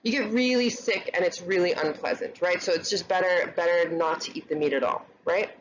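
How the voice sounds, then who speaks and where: A woman teaching an online English grammar lesson, chatty and relaxed, often checking in with "right?". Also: on the low side, fairly quick. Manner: casual, many fillers and "right?" checks. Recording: slightly dull lo-fi recording, faint noise.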